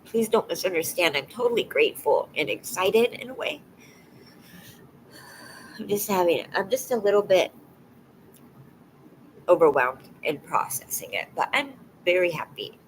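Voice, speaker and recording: A woman live streaming and chatting casually with her viewers, teary and emotional, talking in a halting, soft way that often trails off into a whisper. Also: lowish voice, big pitch swings, slight background noise, poor audio.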